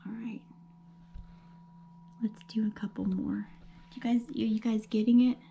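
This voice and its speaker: Patient elementary teacher, woman, dark mellow voice, slow and gentle explaining to kids. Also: a little high, fairly even intonation, creaky, husky. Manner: gentle, patient, explaining slowly with many checks like okay. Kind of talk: remote grammar lesson for young children.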